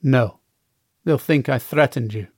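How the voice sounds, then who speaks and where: A man's voice: medium pitch, measured pace, husky, dry recording, studio quality. A man voicing a menacing, crude, tattooed male convict who threatens his new cellmate.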